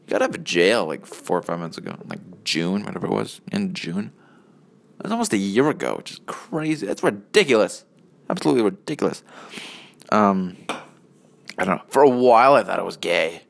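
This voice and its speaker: A man's voice: on the low side, big pitch swings, a little fast, gravelly, long pauses. A man in his early twenties giving a rambling, profane solo monologue as a vlogger, often interrupting himself. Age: early 20s. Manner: profane, meandering, self-interrupting.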